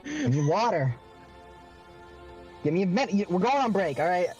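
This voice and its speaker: A man running a tabletop game as game master, joking and excitable, quick to curse. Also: high voice. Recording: dull lo-fi recording with faint music.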